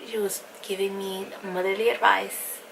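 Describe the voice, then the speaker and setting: A woman's voice: medium pitch, little pitch movement, moderate pace, vocal fry, noisy background. A young woman vlogger telling a personal story in casual chat, often saying "like" and sometimes dropping to a whisper. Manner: fillers "like", acts out quotes, drops to a whisper at times.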